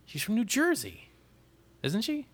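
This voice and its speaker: An unhurried podcast co-host speaks in a high voice with a nasal American Midwestern accent. He jokes around casually, getting animated, swearing, and laughing.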